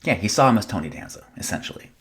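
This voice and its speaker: A man's voice: lowish voice, lively intonation, rapid-fire, a bit bright. A man preaching a sermon as pastor, in a casual, conversational way, retelling the story with playful drama and rhetorical questions.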